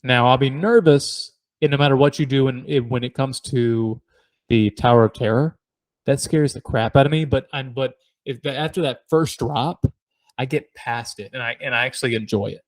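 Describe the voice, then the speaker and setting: A man's voice: mid-range voice, moderate pace, no echo. Rambling, laughing man podcaster. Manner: rambling storyteller, laughs often, mimics noises. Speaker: podcast co-host. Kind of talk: casual chat.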